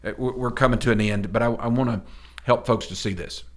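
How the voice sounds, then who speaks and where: A man's voice: mid-range voice, steady tone, a little fast. A middle-aged man co-hosting a motivational podcast, talking in a folksy, emphatic, preacher-like way. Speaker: podcast co-host.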